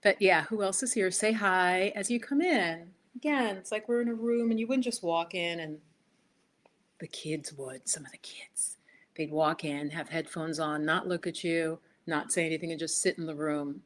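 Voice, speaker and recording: A woman's voice: fairly low pitch, moderate pace, slight background noise. Chatty woman hosting a yoga live stream. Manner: chatty, rambling, laughs at herself. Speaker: yoga and meditation host. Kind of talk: casual live-stream chat. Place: indoors, home set-up with laptop. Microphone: laptop.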